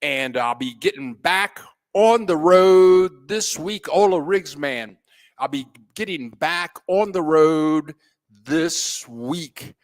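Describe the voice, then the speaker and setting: A man with a fairly high voice hosts a relaxed live stream from home, taking his time as he greets each viewer. His shout-outs are playful and folksy, with an easygoing, chatty delivery. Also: takes it slowly. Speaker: host of a live stream about living abroad. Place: home in a Mexican city.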